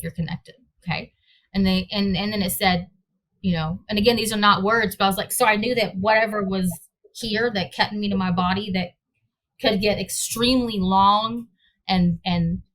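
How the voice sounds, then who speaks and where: A woman's voice: medium pitch, a bit bright. A woman guest telling a personal story in a rambling way, searching for words and acting out her own reactions. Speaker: interview guest.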